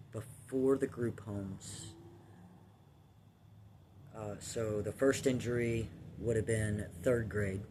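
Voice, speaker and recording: A man's voice: fairly low pitch, a little mellow, slight background noise. A man telling a long personal story from his childhood in a casual, rambling way, swearing freely and laughing at his own telling.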